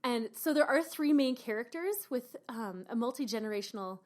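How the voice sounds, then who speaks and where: A woman author from Canada, talking in an animated, expressive way about her book in a radio interview. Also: on the high side, normal speed. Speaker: author guest.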